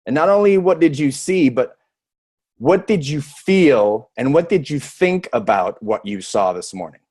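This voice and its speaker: A middle-aged man from Montreal with a French Canadian accent hosts a presentation call in a friendly, chatty way, often pausing on "uh." His voice sits at an ordinary middle pitch. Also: animated, darkish tone, husky. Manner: friendly and chatty, with frequent uh fillers. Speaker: host of a product presentation call. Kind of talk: phone presentation.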